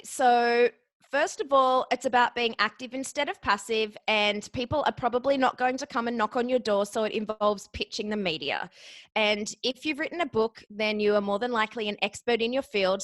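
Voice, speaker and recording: A woman's voice: a little high, fairly bright tone, no room sound. An Australian woman talks through publicity advice as an interview guest. Her manner is upbeat and practical, and she moves through her points step by step. The recording is dry and close, with no room sound. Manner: upbeat, practical, lists steps.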